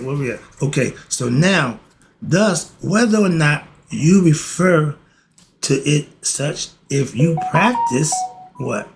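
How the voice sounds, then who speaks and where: A man's voice: medium pitch, creaky, a little hiss or hum. A man giving a casual teaching talk on yoga philosophy, asking rhetorical questions and answering them himself, with slangy asides.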